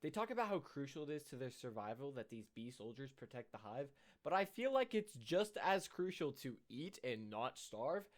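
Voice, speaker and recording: A man's voice: medium pitch, big pitch swings, moderate pace, few pauses. A man giving casual, dry, sarcastic commentary on a movie, with some hesitation. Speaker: movie reviewer.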